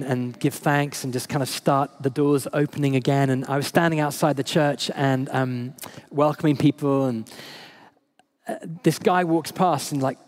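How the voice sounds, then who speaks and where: A male priest delivering a Sunday sermon in a slightly high voice. He talks in a conversational, heartfelt way and laughs often as he tells his stories. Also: a little mellow. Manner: conversational, emotional storytelling with frequent laughs. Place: church service.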